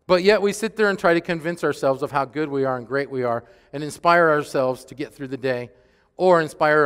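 A man preaching in a church, his voice smooth and resonant at a middle pitch. He is earnest and emphatic, often sinking to a quiet hush, and a long reverb hangs after each phrase. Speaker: pastor. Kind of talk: sermon.

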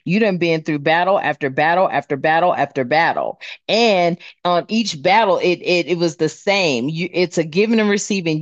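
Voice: mid-range voice, no echo. Blunt, profane tarot reader, dull dry sound. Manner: blunt and profane, rambling with fillers. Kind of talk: casual tarot card reading.

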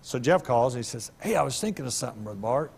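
A middle-aged male pastor preaching a sermon in a church, breaking into sudden loud, high bursts of emphasis. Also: animated, fast talker, creaky, husky. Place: church sanctuary.

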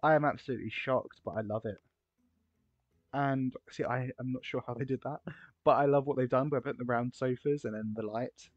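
A man giving casual, excitable gameplay commentary, gushing over builds with gasps and exclamations. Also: mid-range voice, fairly quick, dry recording. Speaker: game video creator touring player builds. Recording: slightly dull, lo-fi recording.

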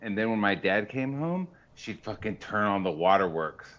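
Animated, profane young man chatting. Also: lowish voice, moderate pace, lo-fi sound. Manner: animated, profane, acts out quoted voices. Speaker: streamer. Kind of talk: casual chat.

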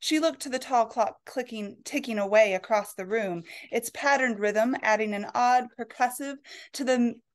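A woman author reading her own historical romance aloud in a lively, expressive storytelling voice. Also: on the high side, moderate pace. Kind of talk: storybook narration.

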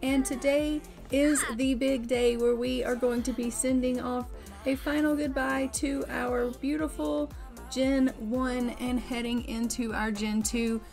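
A woman's voice: high voice, fairly even intonation, a little slow, creaky, a little mellow, soft background music. Chatty woman narrating a game. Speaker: gaming channel host. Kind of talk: casual game commentary.

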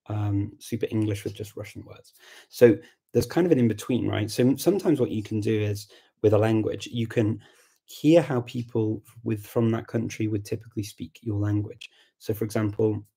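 A man's voice: lowish voice, husky. A man hosting a casual live chat on language learning, explaining ideas thoughtfully and reading out viewer comments as he answers them. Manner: thoughtful and explanatory, reads out comments and reacts warmly.

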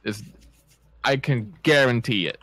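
A man's voice: medium pitch, no echo. A young man from the Netherlands with a Dutch accent, bantering in mock offense while streaming a game with friends. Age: young adult. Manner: animated, mock-offended, quick to laugh. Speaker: streamer and co-player. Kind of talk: casual gaming banter.

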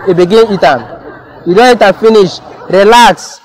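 This is a man with a Nigerian Pidgin English accent, telling a funny story playfully. His voice is high, and his delivery is animated. He is outdoors, with a crowd audible around him. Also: moderate pace, poor audio. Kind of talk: comic storytelling.

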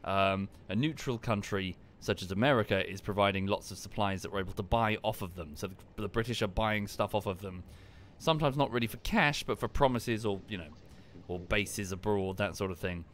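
Low-voiced man streaming a game. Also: brisk, hardly any pauses, a little hiss or hum. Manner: chatty, explains history at length in a relaxed, wry way. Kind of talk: casual live-stream commentary.

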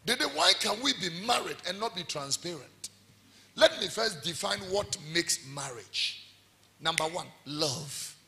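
A man with a Ghanaian accent preaching a sermon as pastor, moving between calm storytelling and sudden shouted lines. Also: high voice, unhurried, vocal fry.

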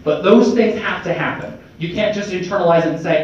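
A man in his twenties giving an energetic, conversational motivational speech to students as a state representative, often checking in with "right?". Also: high-pitched, fast, few pauses, far from the mic. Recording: echoey hall, mic from afar, dull.

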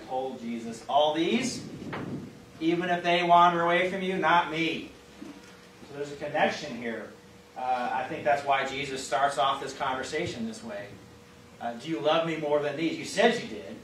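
Teaching an interactive Bible class in a church classroom, a man with a Midwestern American accent speaks conversationally, filling his talk with fillers and questions to the group. His pitch is medium and slightly bright. The audio is roomy and distant, with faint hiss.

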